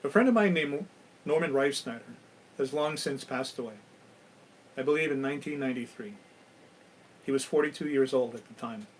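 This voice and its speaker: A man from Hawaii hosting a live ghost-story show, telling tales dramatically and dropping to a hush at key moments. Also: mid-range voice, moderate pace, pauses often, slight background noise, low-quality recording. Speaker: storyteller and host.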